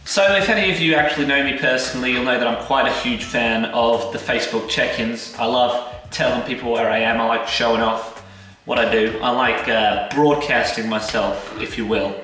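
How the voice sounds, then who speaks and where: A man's voice: mid-range voice, steady tone, normal speed, bright, forceful tone. A young man in a casual comedic vlog, rambling in a jokey, self-deprecating way. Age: young adult. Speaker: vlogger. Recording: echoey room, far from mic, faint music.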